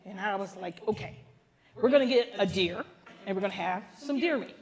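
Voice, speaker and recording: An older woman pastor telling a comic story at a women's gathering, animated and laughing, acting out the voices of the people in it. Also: mid-range voice, brisk. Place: live gathering.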